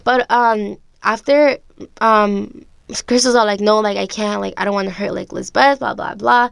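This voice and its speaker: A woman's voice: mid-range voice, steady tone, moderate pace, gravelly, fairly bright tone, clear, resonant tone, no echo. A woman guest telling a childhood story in casual chat, chatty and full of "like", acting out family dialogue. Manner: chatty, heavy use of "like", acts out family dialogue. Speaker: podcast guest.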